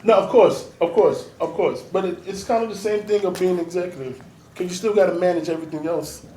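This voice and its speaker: Blunt, streetwise man, slightly high voice, slightly off-mic in a roomy space. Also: fairly quick, mellow. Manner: blunt, streetwise, profane, emphatic. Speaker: artist and DJ manager, guest. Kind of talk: casual interview talk. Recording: roomy, noisy, mic at a distance.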